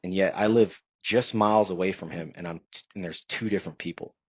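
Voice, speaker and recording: Speaking briskly, a man with a low, husky voice shares his own story as a guest on a podcast. He sounds earnest and reflective and leans heavily on fillers, and the recording is dry and a bit dull.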